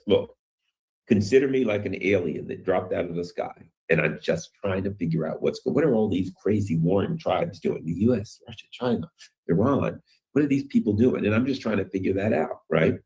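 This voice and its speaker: Deep low-voiced guy doing a rambling solo commentary on world news, emphatic, slips into voices when quoting people. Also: brisk, gravelly, darkish tone. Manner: rambling, emphatic, acts out others' quotes. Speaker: news commentary channel host.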